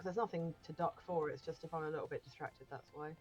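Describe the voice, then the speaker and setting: A woman's voice: low-pitched, fast talker, a little mellow, breathy edge, highs cut off, faint music behind. Chatty woman co-hosting a stream. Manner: chatty, laughs through her stories, many ums. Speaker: stream co-host. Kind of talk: casual storytelling chat.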